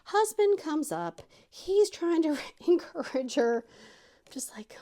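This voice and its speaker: A middle-aged woman with a fairly high voice tells a story in a casual, chatty way. Her pitch swings widely as she acts out the people she quotes, and at times her voice goes squeaky and shrill. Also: big pitch swings, unhurried, dark tone. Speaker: craft channel host.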